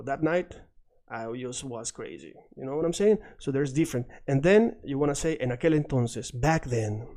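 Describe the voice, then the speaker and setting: A middle-aged man whose first language is Spanish, teaching an online lesson in a chatty, energetic way and repeating phrases for drilling. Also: a little high.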